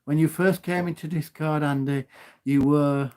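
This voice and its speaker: A man chatting loudly and cheerfully on a live stream from home into his phone, laughing often. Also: fairly high pitch, fairly even intonation, moderate pace. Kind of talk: casual live stream chat.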